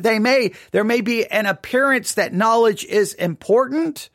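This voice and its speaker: A man with a high-pitched, fairly bright voice hosts a solo Bible teaching show, recorded without room sound. He speaks deliberately, repeats key phrases and often restarts sentences.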